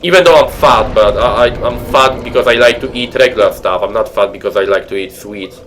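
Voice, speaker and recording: A man's voice: on the low side, a little fast, a bit bright, slight background noise. A man from Poland with a Polish accent, rambling in casual chat to viewers while playing a game on stream. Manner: rambling, chatty, many fillers and restarts. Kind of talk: casual let's-play chat.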